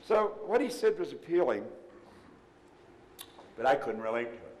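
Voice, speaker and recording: A man's voice: mid-range voice, big pitch swings, moderate pace, darkish tone. Emphatic older man in a reverberant hall. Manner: emphatic, storytelling with retold dialogue. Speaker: motivational seminar speaker. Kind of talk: live motivational seminar talk. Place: large room before a live audience.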